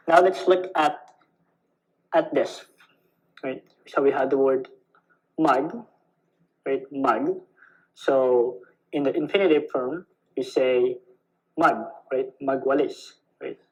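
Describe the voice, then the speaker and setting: A man's voice: mid-range voice, poor audio. A young man giving an online language lesson, patient and repetitive, checking in with "right?" as he explains. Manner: patient, repeats key words with "right?". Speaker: language teacher.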